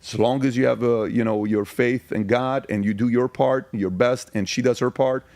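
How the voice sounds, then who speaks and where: A middle-aged man from Iran speaks as a podcast guest, in a steady, mid-range voice. He tells stories in a casual way and drives each point home with emphatic repetition. The recording is close and dry, with little room sound. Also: mid-range voice, no room sound. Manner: emphatic, rapid-fire repetition. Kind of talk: casual storytelling.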